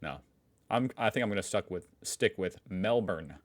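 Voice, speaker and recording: Deep-voiced American man reacting casually. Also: lively intonation, moderate pace. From United States. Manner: chatty, self-mocking, jokey asides. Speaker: reaction video host.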